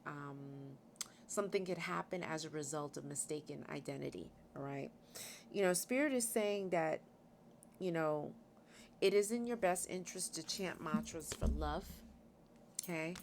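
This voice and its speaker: Low-voiced woman giving a tarot reading. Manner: conversational, frequent "okay?" check-ins. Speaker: tarot reader. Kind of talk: casual spiritual reading to camera. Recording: faint background noise.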